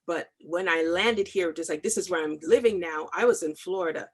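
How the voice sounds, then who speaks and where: A woman's voice: on the low side, fairly quick, slightly rough. A middle-aged woman, a comics artist, talking in an interview with impassioned, emphatic stress and repeated phrases. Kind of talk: video call interview.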